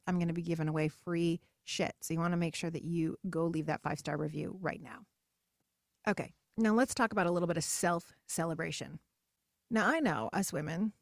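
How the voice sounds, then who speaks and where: A middle-aged woman hosting a podcast, talking in a chatty, animated way and acting out the voices she quotes. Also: medium pitch, no echo, studio quality. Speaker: podcast host. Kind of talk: casual solo podcast monologue.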